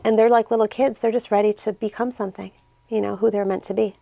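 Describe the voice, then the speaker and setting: A woman's voice: medium pitch, fast, vocal fry, no echo. A woman, a nonprofit founder, talking earnestly and with feeling in a casual interview, acting out what others said. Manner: earnest and emotional, quotes others in lively voices. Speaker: nonprofit founder and CEO, guest.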